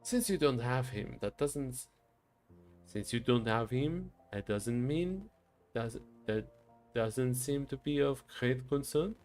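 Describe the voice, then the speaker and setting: A man voicing a suave male private detective with a put-on French accent, courtly and measured. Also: mid-range voice, expressive, darkish tone, faint music behind.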